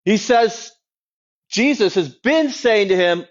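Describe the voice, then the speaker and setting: A man's voice: high voice, animated, unhurried. A man preaching a sermon as a pastor, in a conversational, wry teaching tone. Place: church. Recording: dull lo-fi sound.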